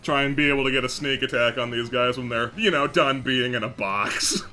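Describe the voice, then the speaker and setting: A man playing a tabletop game, quick to banter and laugh. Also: mid-range voice, sharp tone, soft background music. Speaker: player.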